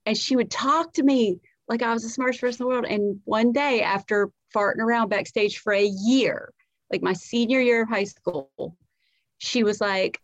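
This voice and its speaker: A woman with a light Southern accent tells stories in a loose, chatty way, swearing often and restarting her sentences. Her voice sits at an ordinary pitch. The audio is dull and lo-fi, with a close, dry sound. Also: normal speed, no echo. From South Carolina, US. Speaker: comedian guest. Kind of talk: casual podcast storytelling.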